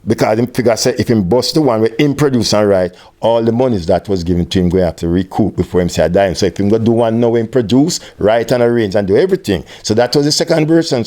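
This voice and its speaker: Jamaican man telling a long story. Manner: animated storyteller, acts out quoted voices at high pitch. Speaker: interviewee, music tour manager. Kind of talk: storytelling in an interview.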